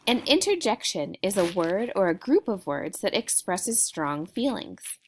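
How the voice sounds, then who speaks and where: Lively woman teaching a grammar lesson. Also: medium pitch, measured pace, slight background noise. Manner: lively, clear explaining tone.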